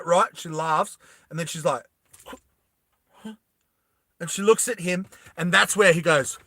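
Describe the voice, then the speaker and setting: A young man excitedly telling his viewers about his story ideas, rambling and correcting himself as he goes. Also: high voice, a little slow, long pauses, no room sound, clean studio sound. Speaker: animated film creator.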